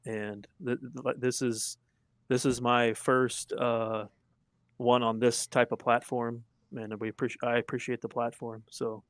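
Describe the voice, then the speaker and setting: A man's voice: mid-range voice, flat delivery, dry recording. A man debating theology, earnest and emphatic, pressing his points firmly. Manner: earnest, emphatic, quick to argue.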